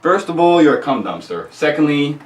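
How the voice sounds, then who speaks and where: A man's voice: a little high, big pitch swings, normal speed, far from the mic. A man playing a crude, blustering cop. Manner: crude, blustering, bursts into loud outbursts. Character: crude, exasperated male police officer. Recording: roomy sound, away from the mic.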